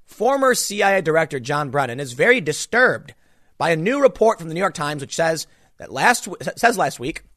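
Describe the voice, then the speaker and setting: A man delivers solo political commentary in an exasperated, ranting way, stumbling over restarts as his frustration spills out. His voice sits a little high for a man. It is recorded close and dry, with no room sound at all. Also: a bit bright, no echo.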